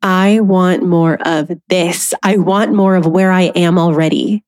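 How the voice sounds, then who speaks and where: A woman's voice: lowish voice, steady tone, unhurried, darkish tone, smooth. A woman in her thirties hosting a solo podcast, talking candidly and conversationally, now and then acting out her inner voice with a laugh. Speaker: podcast host.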